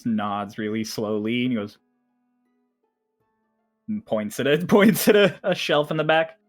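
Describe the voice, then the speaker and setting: A man narrating as game master of a tabletop game, in relaxed chat with restarts. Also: medium pitch, a little slow, soft background music.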